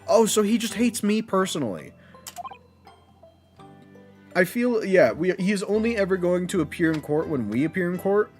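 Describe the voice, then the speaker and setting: A man's voice: high-pitched, animated, moderate pace, long pauses, darkish tone, faint music behind. A man casually commenting while playing through a story game, chatty and self-deprecating. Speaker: let's play streamer.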